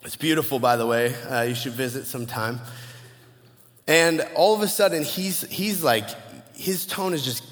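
A man's voice: on the high side, measured pace, big-room sound, faint music behind. A man preaching a sermon as pastor, telling a funny story and acting out the voices of the people in it. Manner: storytelling with humor and animated quoted voices.

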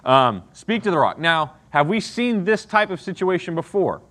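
A man teaches a Bible class with a lively, swooping voice. He keeps the class involved with questions and often checks in with "okay?" and "right?". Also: sits high, normal speed. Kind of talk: interactive Bible lesson.

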